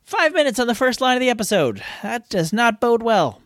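A podcast host reads from a script and keeps tripping over tricky names, laughing at the stumbles and starting lines over. The voice swings widely up and down in pitch. It sits close to the microphone with no room sound at all. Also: very animated, fairly quick, fairly bright tone, no echo. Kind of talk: reading a script, blooper takes.

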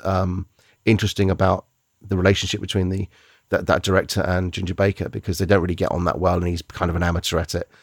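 A man's voice: low voice, no echo, studio quality. A man hosting a podcast, reviewing films in casual, rambling chat, often restarting and searching for words.

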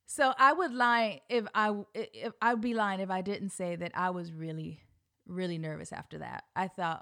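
Woman spilling a story to the crowd, lively and cussing, lots of laughs. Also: fairly high pitch, normal speed. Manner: animated and profane, laughs often, acts out quotes. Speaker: speaker telling her personal story. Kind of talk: casual storytelling to an audience.

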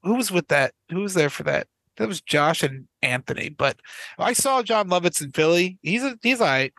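A male podcast co-host chats casually in a bright voice with lively, swooping pitch. His banter is joking and full of swearing, and he sounds dry and close to the mic. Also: normal speed, no echo. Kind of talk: casual chat.

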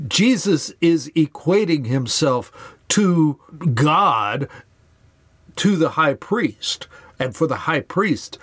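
A man's voice: a little high, slightly rough, no room sound. A man retelling a Bible story in an earnest scripted way, raising his voice to act out quoted lines.

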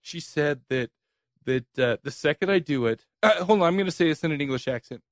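A man's voice: fairly high pitch, lively intonation, fairly quick, no echo. A man co-hosting a podcast in casual chat, laughing often and teasing his co-host.

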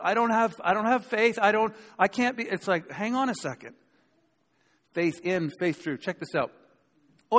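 Higher-voiced male pastor in a reverberant hall. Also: fairly bright tone, husky. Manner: conversational, emphatic preaching with rhetorical questions to the congregation. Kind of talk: sermon. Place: church sanctuary before a live congregation.

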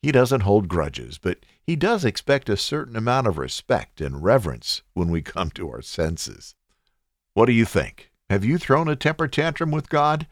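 A man's voice: dry recording, clean studio sound. A man hosting a Bible podcast, giving devotional commentary and acting out quotes with big swings in his voice. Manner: expressive, acts out quotes with big pitch swings. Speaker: podcast host and Bible teacher.

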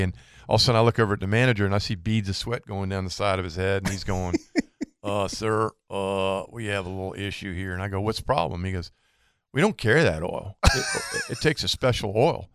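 A man's voice: fairly low pitch, fast talker, smooth, no room sound, studio quality. A man co-hosting a radio fishing show, telling a long story with laughs and acting out the people in it. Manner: animated storyteller, acts out quotes with laughs. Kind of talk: casual radio chat, storytelling. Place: radio studio.

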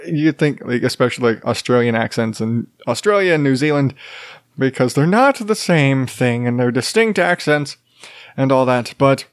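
A man hosting a podcast on his own, in a rambling and casual chat. He stops and restarts often, drops in fillers and chuckles, and his voice sits at a middling pitch. The sound is close and dry, with no room echo at all. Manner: chuckles while talking. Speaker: podcast host. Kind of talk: solo casual monologue.

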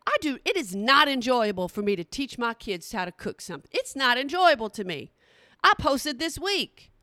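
A woman's voice: on the high side, big pitch swings, normal speed, pushed and bright, no room sound, studio quality. A middle-aged woman, talking bluntly and playfully straight to her audience in a casual comedic monologue. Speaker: vlogger.

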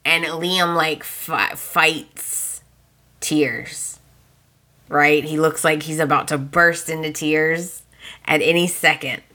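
Low, bright-toned woman recapping a soap. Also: slow. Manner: animated storytelling, acting out characters' lines. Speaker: podcast host. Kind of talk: casual soap opera recap.

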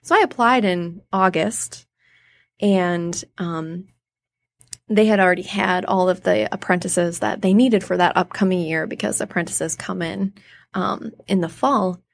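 A woman's voice: lowish voice, unhurried, gravelly. A woman in her thirties, a theater artist, telling stories as an interview guest and acting out the voices she quotes. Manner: animated, acts out quoted voices. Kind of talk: casual interview storytelling.

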